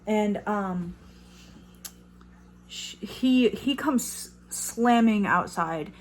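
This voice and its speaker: A woman's voice: mid-range voice, extremely slow, a little hiss or hum. A young woman in her twenties telling a casual storytime vlog, chatty, with lots of fillers and some swearing. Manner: chatty, many fillers, swears when riled. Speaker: vlogger.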